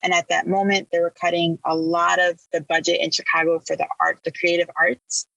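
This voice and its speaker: Woman from illinois, podcast guest telling her story, gritty fry in the voice, super dry sound. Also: fairly low pitch, flat delivery, brisk, pushed and bright, dry recording, highs cut off. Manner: candid, emphatic storyteller. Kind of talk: personal storytelling in an interview.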